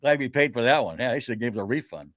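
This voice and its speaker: An older man, the host's father, telling stories in a rambling, halting way during a casual chat. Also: mid-range voice, lively intonation, fairly bright tone, no echo, clean studio sound.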